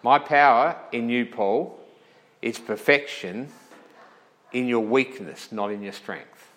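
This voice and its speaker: A man's voice: mid-range voice, takes it slowly, a bit bright, low-quality recording. A male pastor giving a conversational sermon, often checking in with listeners and correcting himself as he thinks aloud.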